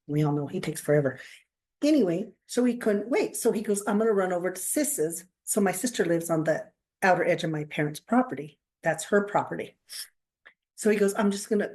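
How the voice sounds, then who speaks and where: A woman co-hosting a podcast, chatting casually and telling animated stories, acting out the people she quotes and laughing often. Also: lowish voice. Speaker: podcast co-host, counselor. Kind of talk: casual chat, storytelling.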